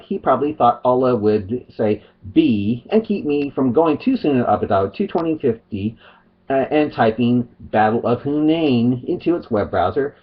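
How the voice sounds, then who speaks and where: Animated, repetitive man ranting on a vlog. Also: medium pitch, muffled recording. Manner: repetitive, restarts often, rhetorical questions. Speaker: video blogger.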